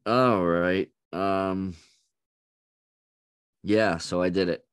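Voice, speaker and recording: A man's voice: low voice, drawn-out words, smooth, no echo, clean studio sound. A man co-hosting a podcast, chatting casually and swearing freely as he tells stories. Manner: swears freely, animated storytelling. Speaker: podcast co-host. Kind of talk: casual chat.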